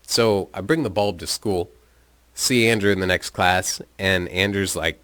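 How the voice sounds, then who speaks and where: Very low-voiced man telling stories casually. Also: brisk, fairly bright tone, no room sound. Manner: laid-back, profane, amused. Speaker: vlogger. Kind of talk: casual storytelling. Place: his room.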